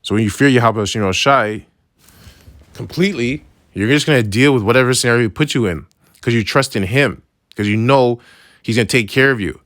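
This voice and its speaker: A man's voice: medium pitch, a little fast, a bit bright, no echo, clean studio sound. A man teaching a casual Bible lesson in a loose, slangy way, often checking in with "right?". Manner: conversational, keeps asking "right?"; slangy, loose phrasing with restarts. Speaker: religious teacher.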